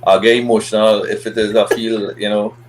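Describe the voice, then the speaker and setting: A man's voice: lowish voice, brisk, a little hiss or hum, low-quality recording. Rambling man on a talk panel. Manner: relaxed, rambling, many restarts. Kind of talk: casual panel chat.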